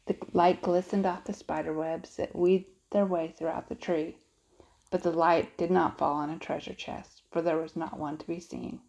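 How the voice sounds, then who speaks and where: A woman narrating a children's audiobook in a steady, expressive storytelling manner. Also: fairly low pitch, moderate pace, low-quality recording.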